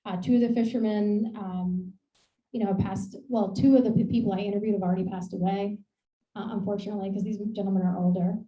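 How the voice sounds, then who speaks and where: The recording, made in an echoey room, has a dull lo-fi quality. On it, a woman from Maine gives a chatty, rambling slide talk about her research, laughing at herself, with a medium-pitched voice, fairly even intonation, and a fairly quick pace.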